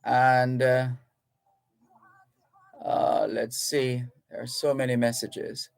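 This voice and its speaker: A Jamaican man hosting a radio call-in show, reading out listener messages and explaining things in an unhurried way, with fillers and restarts. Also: medium pitch, little pitch movement, gravelly, clean tone, no echo, poor audio. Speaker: radio talk show host. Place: radio studio.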